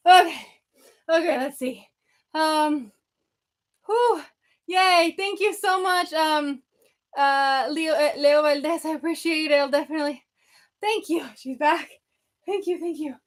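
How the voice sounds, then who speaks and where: A woman's voice: high voice, measured pace. Breathless young woman chatting on a livestream. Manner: breathless, chatty, many fillers and restarts. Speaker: book vlogger livestreaming. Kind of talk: casual livestream chat. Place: home room by her bookshelves.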